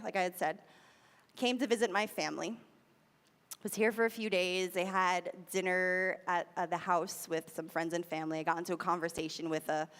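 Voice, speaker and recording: American woman speaker, casual sermon delivery with repeated phrases, recorded in a reverberant hall. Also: fairly low pitch. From United States. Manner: conversational, repeats key phrases for emphasis. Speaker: speaker at a spiritual center. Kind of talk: sermon talk.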